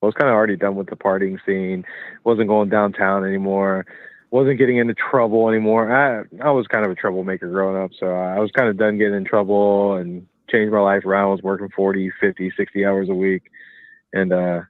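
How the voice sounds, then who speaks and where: A man's voice: low-pitched, little pitch movement, fairly quick, no echo. Rambling man on a tinny phone line. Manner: rambling, loose, with filler words. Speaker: caller being interviewed. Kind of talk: phone interview.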